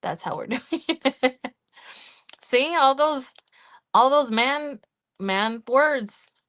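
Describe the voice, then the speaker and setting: A middle-aged woman hosting a budgeting livestream from home, chatting casually and counting cash out loud in an easygoing way. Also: sits high, expressive, very slow. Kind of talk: casual live-stream chat.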